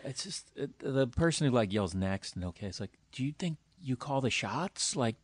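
A man's voice: medium pitch, animated, normal speed, breathy edge, no echo. A man hosting a casual chat, reacting with wry remarks and mock quotes.

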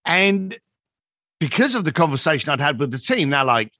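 Man, fairly high voice, swings pitch widely, acts out other people as he tells a story, dry close sound. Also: very animated, moderate pace, bright, forceful tone, no echo. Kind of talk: conversational storytelling.

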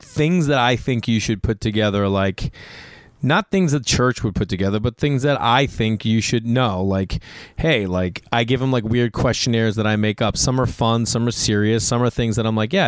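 Hoarse, rambling comedian. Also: male voice, lowish voice, no echo, clean studio sound. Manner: rambling, self-mocking, jokey. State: hoarse, voice partly lost. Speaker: comedian vlogger. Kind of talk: casual chat to camera.

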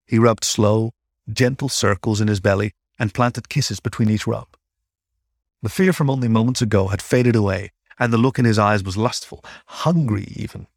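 Low-voiced male story narrator. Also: fairly even intonation, moderate pace, no echo, studio quality. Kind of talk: audiobook-style story narration.

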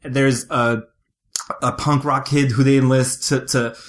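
A man's voice: medium pitch, flat delivery, a little slow. A man co-hosting a film review podcast, chatting casually and gushing about a movie he loves, with casual swearing. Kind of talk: casual chat.

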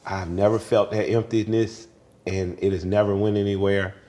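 A man, a guest telling family stories candidly, swinging between laughter and quiet grief. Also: lowish voice, flat delivery, normal speed. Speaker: interview guest. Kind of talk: candid conversational storytelling.

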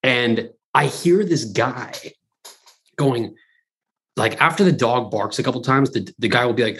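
Podcast co-host, male, slightly rough voice, chatty, restless, swears freely. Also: medium pitch, a little slow. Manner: rambling, animated, lots of restarts and profanity. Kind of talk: casual podcast banter.

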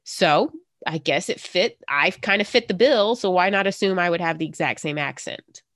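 A woman's voice: on the low side, normal speed, a bit bright. A woman co-hosting a podcast, curious and full of questions, telling stories from her own life. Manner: curious, asks questions, tells anecdotes. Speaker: podcast co-host. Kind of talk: casual podcast chat.

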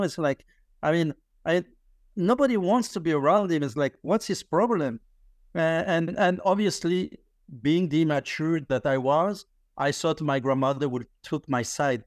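A man in his fifties tells a story as a podcast guest. His voice sits a bit high for a man, and it reaches the ear dry and close with no room sound. He is animated, laughs often and stumbles through restarts. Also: normal speed, dry recording. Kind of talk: storytelling in conversation.

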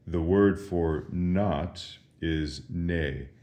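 Very deep, slow-spoken priest teaching Latin. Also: male voice, mellow. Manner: patient, deliberate, pauses for the listener to answer. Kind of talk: slow catechism lesson with call and response. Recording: roomy echo.

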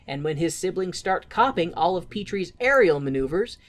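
A woman co-hosting a podcast, telling a film's plot in a loose, chatty way and cursing freely. Her pitch jumps all over the place as she talks. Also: normal speed. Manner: animated, swears a lot, acts out characters in silly voices. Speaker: podcast co-host recapping a film. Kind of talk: casual podcast recap.

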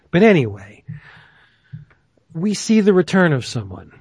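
Husky-voiced man chatting enthusiastically. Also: a little high, very animated, unhurried, a little mellow, no room sound. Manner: rambling and enthusiastic, many fillers. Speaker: podcast host. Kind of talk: casual chat.

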